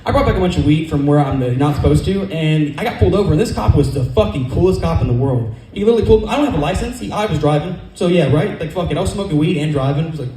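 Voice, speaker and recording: A man's voice: fairly high pitch, animated, mellow, reverberant, a little hiss or hum, low-quality recording. A man from California doing a rambling, profane stand-up set at a comedy club open mic, speaking into a stage microphone. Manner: rapid, profane, rambling storytelling.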